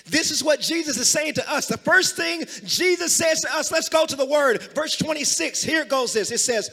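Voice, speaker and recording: A man pastor preaching a sermon, calling the congregation to repeat after him and building to loud, emphatic passages. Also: very high voice, lively intonation, normal speed, long reverb tail. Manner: call-and-response preaching, rising to loud emphasis. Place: church sanctuary.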